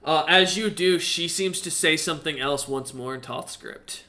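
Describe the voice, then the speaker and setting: A man narrating as game master of a tabletop game, in a casual, halting way with fillers and the odd curse. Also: a little high, bright, forceful tone. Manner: casual, halting narration with many fillers and restarts, occasional swearing.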